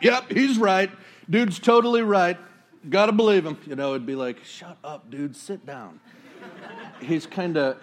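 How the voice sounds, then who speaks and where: A man preaching a casual sermon, talking it through conversationally and acting out quotes in a lively way. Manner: conversational, acts out quotes with sudden high jumps and laughs. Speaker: pastor.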